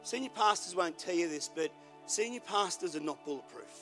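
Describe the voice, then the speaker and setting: An older man, a pastor, telling a personal story in a folksy sermon, moving between quiet and loud. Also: high-pitched, lively intonation, brisk, soft background music.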